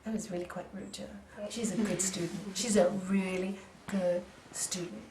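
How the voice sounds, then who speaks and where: A woman yoga teacher giving an animated storytelling talk to a group, acting out dialogue and laughing often. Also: on the low side, moderate pace, background noise. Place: yoga centre room. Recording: echoey room from a distance.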